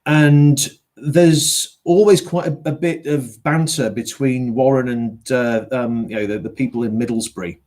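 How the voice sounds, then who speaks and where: A middle-aged man from Yorkshire who narrates audiobooks, chatting in a book-club conversation. He rambles, restarts his sentences and fills his pauses with ums, in a plain mid-range voice. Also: mid-range voice, darkish tone. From Yorkshire, England. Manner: rambling, many fillers and restarts.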